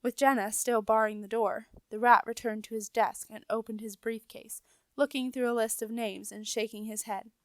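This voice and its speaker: A woman narrating a children's book chapter in a calm, even reading voice. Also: fairly high pitch, moderate pace, dry recording. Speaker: audiobook reader. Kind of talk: storybook narration.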